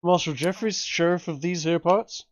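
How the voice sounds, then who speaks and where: A man's voice: fairly high pitch, no room sound, highs cut off, lightly acted. A man doing a folksy frontier sheriff. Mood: welcoming. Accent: put-on old-time American. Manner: folksy, drawling, halting.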